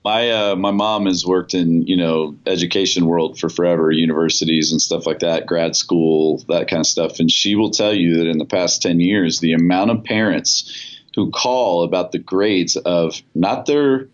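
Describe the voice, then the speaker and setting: A man who works as a pastor, talking in a casual chat in a measured, reflective way. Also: low-pitched, steady tone, lo-fi sound.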